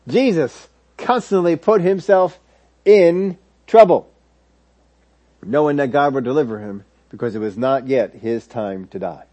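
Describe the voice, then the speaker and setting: A pastor preaches a sermon, retelling Bible stories and acting out the words of the biblical figures in them. His medium-pitched, dark-toned voice is expressive, and he speaks at a measured pace with frequent pauses. The audio is dull and lo-fi.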